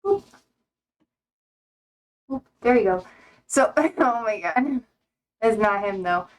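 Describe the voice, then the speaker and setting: A woman's voice: medium pitch, expressive, slow pace, low-quality recording. A young adult woman streamer chatting casually on a live stream, rambling and full of fillers, often cutting herself off mid-thought. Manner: rambling, filler-heavy, self-interrupting.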